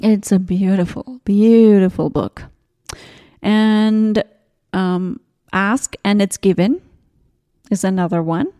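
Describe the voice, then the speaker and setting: A woman in her forties hosting a spiritual podcast, talking gently in a rambling way with tangents and restarts. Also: mid-range voice, takes it slowly, long pauses. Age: 40s. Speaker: podcast host. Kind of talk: casual spiritual podcast talk.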